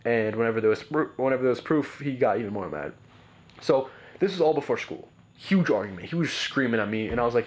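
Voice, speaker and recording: Guy on a podcast telling his story, rambly, lots of like and bro, mid pitch. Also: a little fast. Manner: rambling, heavy use of "like" and "bro", frequent restarts. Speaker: podcast guest. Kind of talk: casual personal storytelling.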